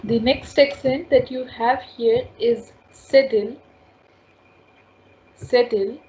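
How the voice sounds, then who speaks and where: A woman teaching French in an online class, slowly repeating sounds and explaining rules step by step. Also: on the high side, fairly even intonation, dark tone. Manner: slow, repetitive, spells out sounds patiently. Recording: dull lo-fi class recording with faint noise.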